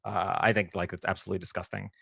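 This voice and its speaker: Hesitant low-voiced male co-host. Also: little pitch movement, racing, vocal fry, fairly bright tone, no room sound, studio quality. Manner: hesitant, full of ums and restarts. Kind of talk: casual live-stream chat.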